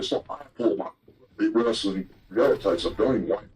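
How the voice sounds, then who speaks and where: A man's voice: medium pitch, wildly swooping pitch, moderate pace, a little mellow, faint music behind, poor audio. An older man telling rambling, profane stories in a casual interview. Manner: profane, rambling yarn-spinner. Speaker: guest telling old stories. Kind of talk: casual storytelling.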